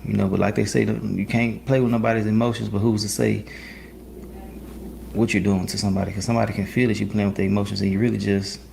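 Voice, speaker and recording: A man giving relaxed, slangy commentary while reacting to a clip on his stream. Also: fairly low pitch, fast talker, gravelly, slight background noise. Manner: laid-back, slangy, musing. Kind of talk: casual commentary.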